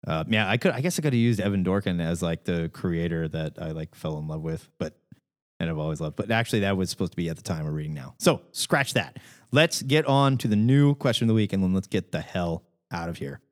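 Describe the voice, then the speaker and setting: A man's voice: low voice, brisk. A man hosting a casual comics call-in podcast, telling stories with lots of laughter. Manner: animated storyteller, laughs a lot. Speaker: podcast host. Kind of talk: casual chat.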